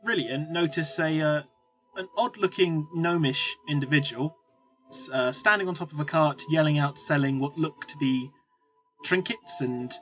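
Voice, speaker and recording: A man's voice: on the high side, a bit bright. A man narrating as game master, rambling with many fillers and restarts. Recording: lo-fi with faint music.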